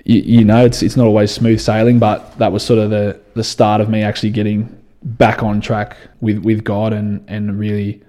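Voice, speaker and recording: A young Australian man with a fairly low, warm and mellow voice tells his own story as a guest in an interview. He sounds relaxed and conversational and keeps circling back with "you know.". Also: normal speed. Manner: relaxed and conversational, often says "you know" and restarts phrases. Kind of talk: reflective personal storytelling.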